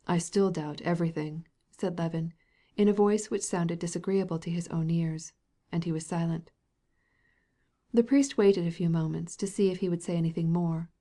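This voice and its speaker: Mellow-voiced woman reading a classic novel. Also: on the low side. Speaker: audiobook narrator. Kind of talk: scripted narration.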